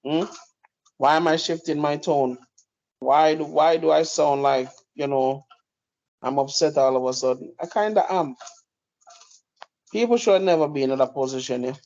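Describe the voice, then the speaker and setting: A man's voice: fairly high pitch, moderate pace, pauses often, a little mellow. A man giving blunt, profane opinionated commentary as a podcast host. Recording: dull lo-fi recording.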